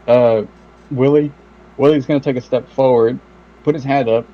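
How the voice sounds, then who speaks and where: Player, man, casual and hesitant, average pitch. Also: steady tone, moderate pace, dull audio. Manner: hesitant, filler-heavy. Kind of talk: casual tabletop game chat.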